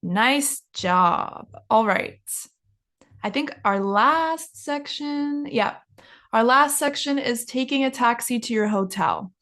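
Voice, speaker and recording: A young woman teaching an English lesson, who says each travel phrase slowly and clearly for learners to repeat, in a casual, encouraging way. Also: a little high, animated, fairly bright tone. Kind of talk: English lesson with shadowing drills.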